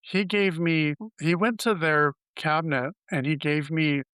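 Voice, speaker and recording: A man in his fifties telling his personal story as an interview guest. He speaks candidly and haltingly, often restarting his sentences. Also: on the high side, fairly even intonation, a bit bright, clean tone, dry recording. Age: 50s.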